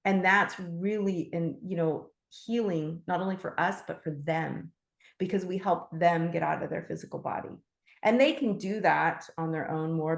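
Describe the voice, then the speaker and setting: A woman teaching animal Reiki in a gentle, heartfelt way, with fillers and restarts. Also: on the low side, gravelly, reverberant. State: emotional. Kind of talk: casual spoken teaching.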